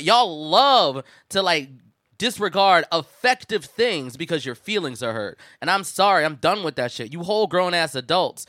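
Bright-voiced man ranting with heavy profanity. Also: on the high side, lively intonation, normal speed, no room sound, studio quality. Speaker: podcast co-host. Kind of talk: casual chat.

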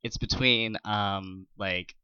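A man's voice: on the low side, steady tone, slow pace, pushed and bright, smooth, no echo, muffled recording. A man co-hosting a casual podcast chat, telling an anecdote and briefly acting out the voices in it.

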